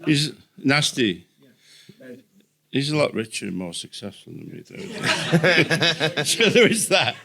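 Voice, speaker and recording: Older male comic, stage mic, rambling and profane with lots of "uh"s, bright tone. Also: fairly high pitch, big pitch swings, slow pace, gravelly, long pauses. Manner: sweary, mock-aggressive, rambling with many fillers. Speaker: comedian and podcast host. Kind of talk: live comedy podcast banter. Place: comedy venue stage before a live audience. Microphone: stage mic on stand.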